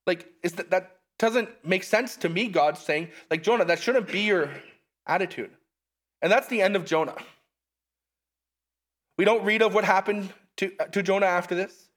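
A man with a high voice preaching in a relaxed, conversational way. He reads the scripture aloud, then stops to explain it in everyday terms, with a few asides. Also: normal speed. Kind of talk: casual sermon reading scripture.

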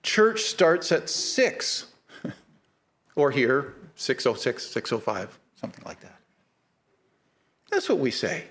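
A middle-aged man preaching a sermon, earnest and measured, slowing down to stress key points. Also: mid-range voice, sing-song, a bit bright. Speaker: pastor.

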